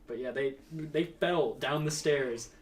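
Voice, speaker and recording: A man's voice: mid-range voice, slow, a little hiss or hum. A young man telling a rambling, laughing story in casual chat, swearing freely.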